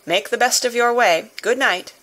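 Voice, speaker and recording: A woman reading the lines of a composed middle-aged male bank clerk, speaking with quiet businesslike confidence. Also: a little high, moderate pace, voice pushed up, lightly acted. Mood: calm, businesslike.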